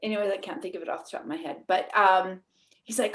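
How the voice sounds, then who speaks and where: A woman's voice: medium pitch, steady tone, fast talker. A woman with a Canadian accent, talking animatedly as a guest in a podcast interview, laughing often. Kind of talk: casual interview.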